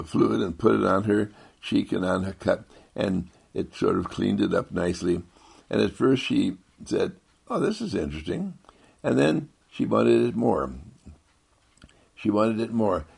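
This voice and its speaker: A man giving a gentle inspirational monologue, soft-spoken and rambling, repeating himself and chuckling often. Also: vocal fry, husky. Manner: swoops high when quoting others.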